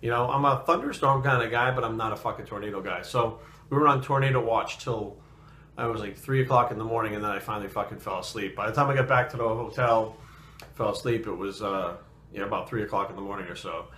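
A New England fitness vlogger tells a rambling personal story, swearing constantly in casual, profane talk. His voice sits on the low side, fast and sharp in tone, and the room is reverberant.

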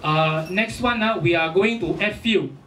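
A man's voice: high voice, measured pace, very noisy. A man voicing a blunt, chatty Singaporean local man in a Singlish accent, speaking in matter-of-fact, choppy phrases. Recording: roomy, distant, faint ambience.

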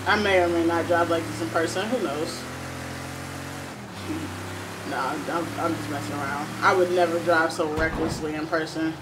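A woman's voice: low voice, steady tone, normal speed, heavy background noise. Give me a chatty young woman with a Cleveland accent talking over a video game. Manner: chatty and rambling, talking straight to viewers. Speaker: gaming YouTuber. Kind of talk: casual gameplay commentary. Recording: voice over loud game sounds.

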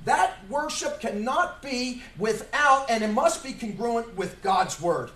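A man pastor preaching a sermon, emphatic and full of rhetorical questions, at times shouting. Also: very high-pitched, expressive, slow. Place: church sanctuary. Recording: echoey church room from far off.

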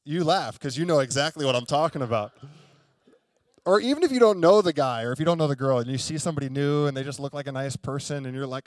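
A man's voice: mid-range voice, quick pace, dry recording. A young adult man preaching a sermon, telling a story in a chatty way and often asking the congregation questions. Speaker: pastor. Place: church sanctuary.

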